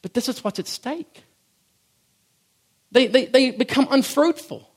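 A man delivers a sermon with a fairly high voice. His manner is folksy and self-mocking, and he often stumbles and restarts a phrase before pressing on. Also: animated, unhurried. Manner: folksy, self-joking preaching with repeated restarts. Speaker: pastor.

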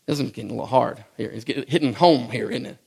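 A man's voice: medium pitch, fast talker, gravelly, a little mellow, slightly rough. A man preaching a sermon in a folksy, joking way, often stumbling and restarting his phrases. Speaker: pastor.

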